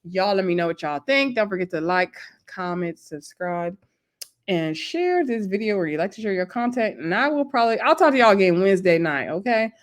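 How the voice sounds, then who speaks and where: A woman vlogger giving a casual, animated recap of a reality show, acting out quotes and laughing often. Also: medium pitch, brisk.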